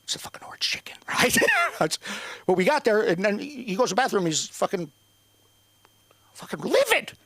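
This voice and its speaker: A man's voice: high-pitched, lively intonation, a little fast, fairly bright tone, no room sound. A man doing a profane, self-deprecating stand-up set on a comedy club stage.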